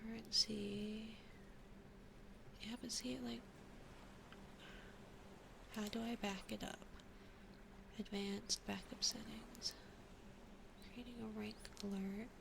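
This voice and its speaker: Woman, streamer, casual chat, grumbling, gravelly fry, noisy keyboard background. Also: fairly high pitch, level tone, slow, pauses often. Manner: frustrated, muttering while fiddling with settings. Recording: loud background noise with keyboard clicks.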